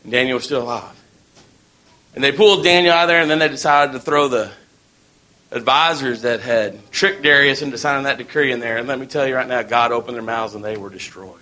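A man's voice: mid-range voice, brisk, pushed and bright. A man preaching a sermon in a folksy, storytelling way.

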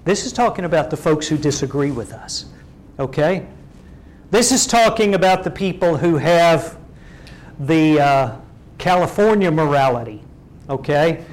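A man's voice: a little high, lively intonation, a little slow. A middle-aged man preaching a sermon, earnestly putting direct questions to his congregation.

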